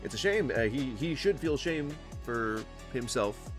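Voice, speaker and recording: A man riffing over videos he reacts to, swearing freely and laughing at his own rants. His voice sits at a middle pitch, with soft music in the background. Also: animated, unhurried. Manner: ranting, swears often, laughs a lot. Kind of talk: casual profane commentary.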